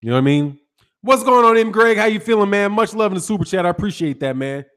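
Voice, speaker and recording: A man's voice: high voice, lively intonation, fast talker, fairly bright tone. A man from the North Side of Chicago with a Chicago accent, hosting a boxing channel live stream, talking loosely in slang and greeting chat viewers by name.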